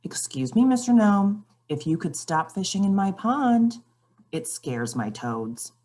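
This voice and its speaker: A woman voicing a prim, stern witch who speaks slowly and threatens. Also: medium pitch, sing-song, darkish tone. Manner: prim, slow and menacing.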